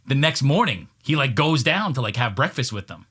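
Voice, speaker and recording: A man co-hosting a podcast, telling a story quickly and laughing along as he goes. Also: medium pitch, very animated, pushed and bright, slightly rough. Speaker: podcast co-host. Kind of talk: casual chat, storytelling.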